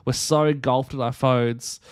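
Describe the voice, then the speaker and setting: A young man, hosting a live stream and telling a lively personal story in casual chat. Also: medium pitch, measured pace, clear, resonant tone, no echo, clean studio sound. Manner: animated, chatty storyteller acting out dialogue. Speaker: streamer and host.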